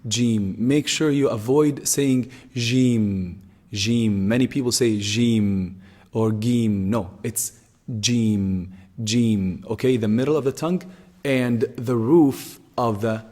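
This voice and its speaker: A man teaches pronunciation, slowly and patiently repeating each sound so learners can copy it. His voice sits at an ordinary middle pitch. The recording has a long, hall-like echo. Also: mellow. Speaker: Quran teacher. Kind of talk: pronunciation lesson.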